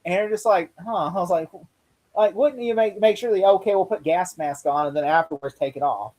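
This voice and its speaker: A man co-hosting a casual chat about a TV episode, rambling and excitable with many restarts. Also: sits high, fairly quick, rough recording. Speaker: podcast co-host. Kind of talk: casual show review chat.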